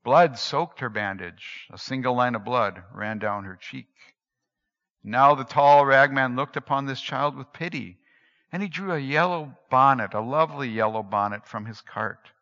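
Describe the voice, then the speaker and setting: Bright-voiced man telling a dramatic story. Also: medium pitch, normal speed. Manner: expressive, swinging between hushed and emphatic. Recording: dull lo-fi recording in a reverberant hall.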